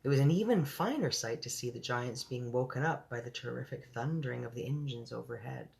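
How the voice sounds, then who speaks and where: A woman's voice: extremely low pitch, brisk, gravelly, darkish tone. A woman reading a children's book aloud, breaking off for chatty asides and laughing at her own slips. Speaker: storyteller.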